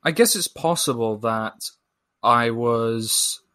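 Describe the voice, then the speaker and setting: A man's voice: mid-range voice, bright, forceful tone. Thoughtful man in casual chat. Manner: thoughtful, measured, with hedging fillers. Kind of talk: casual conversation.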